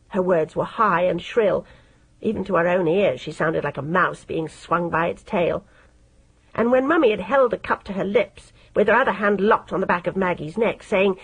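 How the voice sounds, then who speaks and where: A woman narrating an audiobook in a steady, measured reading style. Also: mid-range voice, breathy edge, low-quality recording. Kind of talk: scripted narration.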